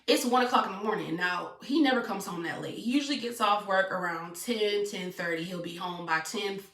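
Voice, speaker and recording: Young woman, blunt storytime vlogger, bright voice, echoey distant mic. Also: medium pitch. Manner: blunt, talks straight to viewers. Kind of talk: storytime vlog. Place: room at home.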